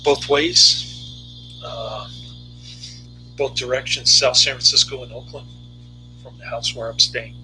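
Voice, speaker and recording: A man with a strikingly bright, edged voice chats loosely as a movie reviewer. He wanders between thoughts, pausing on fillers and restarting his sentences. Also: mid-range voice, fairly even intonation, faint music behind, poor audio. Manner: halting, many fillers and restarts. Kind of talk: casual rambling chat.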